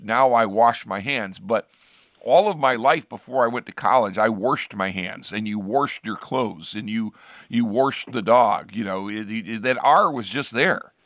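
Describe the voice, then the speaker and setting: A man's voice: medium pitch, fairly bright tone, dry recording, studio quality. An older man from Ohio, a pastor hosting a casual chat, telling rambling stories with frequent restarts and chuckles. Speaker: pastor and show host.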